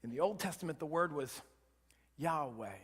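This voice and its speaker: A man delivering a sermon in a church sanctuary, his voice a little high for a man. He moves from forceful emphasis to soft, hushed whispers. A long hall reverb trails after his words. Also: animated, moderate pace, slightly rough. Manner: dynamic preaching, swinging from loud emphasis to hushed whispers. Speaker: pastor.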